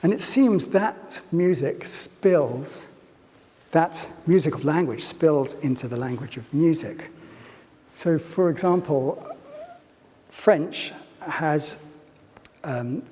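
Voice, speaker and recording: A man's voice: a little high, dark tone. A man giving a public lecture, playful and fond of asking his audience questions. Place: lecture hall. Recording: lecture hall reverb, faint ambience.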